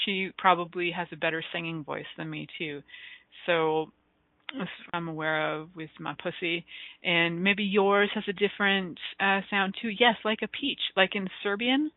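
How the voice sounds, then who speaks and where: A woman's voice: fairly low pitch, steady tone, normal speed, vocal fry, dry recording. Joking giggly lady radio host, tinny phone sound, dry. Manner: playful, giggly, joking, bawdy. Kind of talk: casual talk radio monologue.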